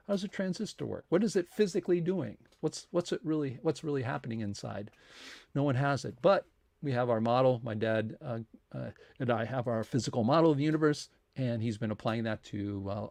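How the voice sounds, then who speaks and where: A man's voice: medium pitch, a little mellow, no echo, clean studio sound. A man hosting a science talk series, giving a rambling spoken introduction and appeal for donations, full of fillers and restarts.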